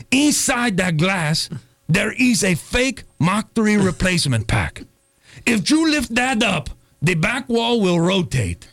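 A man's voice: high voice, a bit bright, heavily acted. A man playing a swaggering, menacing male gangster pharmacist in a comedy sketch, with a thick put-on accent and broken grammar, threatening and laughing at his own jokes.

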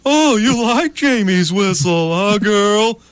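A man voicing a creepy, overfriendly male dog sitter in a cartoon, cooing and teasing in a drawn-out way. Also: high-pitched, lively intonation, clean tone. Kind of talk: cartoon voice acting.

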